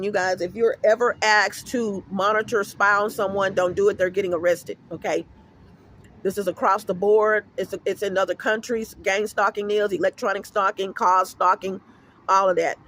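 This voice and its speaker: A middle-aged man rants in a casual outdoor vlog at an apartment complex, delivering a rambling, emphatic story full of swearing. His voice sits high and is a bit bright, with fairly even intonation at a moderate pace.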